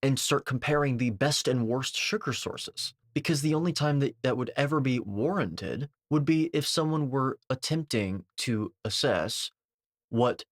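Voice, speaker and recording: A man's voice: mid-range voice, no room sound, clean studio sound. A man giving a dismissive, combative reaction commentary, packed with technical jargon and occasional swearing.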